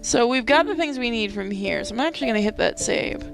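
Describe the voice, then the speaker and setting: Self-deprecating woman with a gravelly voice. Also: fairly high pitch, animated, fast, music in the background. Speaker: gaming channel host. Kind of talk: casual let's-play commentary.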